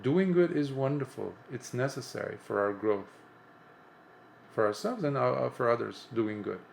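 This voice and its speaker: Gravelly man giving an earnest dharma talk. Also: lively intonation, moderate pace, slight background noise. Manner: earnest, emphatic, rising in pitch for repeated points, with frequent restarts.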